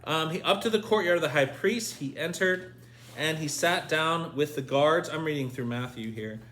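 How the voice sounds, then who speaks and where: A man's voice: on the high side, moderate pace, fairly bright tone. A man leading a Bible study lesson, asking his group questions and reading scripture aloud. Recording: echoey room with faint noise.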